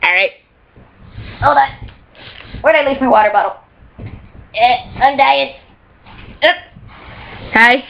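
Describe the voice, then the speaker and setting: A young woman with a fairly high voice talks through a casual show-and-tell vlog. She rambles, breaks off to correct herself and laughs often. The sound is dull and lo-fi, like an old home video. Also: takes it slowly, gravelly, long pauses. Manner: excitable, rambling, self-correcting, frequent laughs. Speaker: vlogger.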